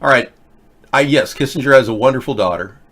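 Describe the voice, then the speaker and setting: A man in his fifties hosts a political chat show, offering casual commentary in a rambling style full of hesitations and restarts. His medium-pitched voice is a bit bright and a little fast.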